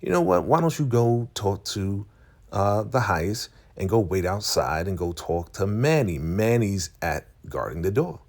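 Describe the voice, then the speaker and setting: A man voicing a scheming young woman who bosses others around in a quick, coaxing way. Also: fairly low pitch, very animated, exaggerated voice.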